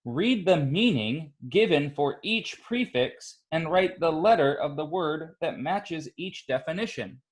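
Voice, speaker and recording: A male teacher talks children through a lesson over a video call. He is slow and patient and praises their answers. His voice sits a little high for a man. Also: animated. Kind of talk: online class lesson. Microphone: computer mic on a video call.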